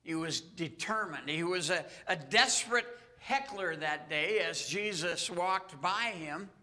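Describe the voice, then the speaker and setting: Bright, high-voiced male pastor preaching. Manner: earnest storytelling, dramatic pauses. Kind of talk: sermon.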